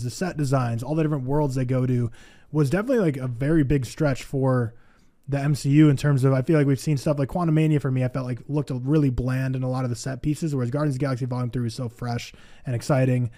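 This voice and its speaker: A man's voice: mid-range voice, warm tone. A man on a podcast, gushing about a movie in casual chat with many filler words.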